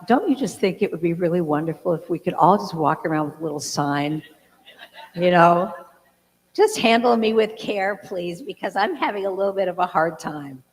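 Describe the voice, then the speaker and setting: A woman in her sixties talking casually to a church congregation, with a chatty storytelling manner full of fillers and acted-out quotes. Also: lowish voice. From California. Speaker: guest speaker and singer. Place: large church hall. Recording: reverberant hall.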